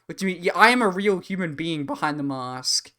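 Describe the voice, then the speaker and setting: A man's voice: a little high, lively intonation, a little fast, sharp tone. A man, chatting casually and rambling on a live stream while reading chat.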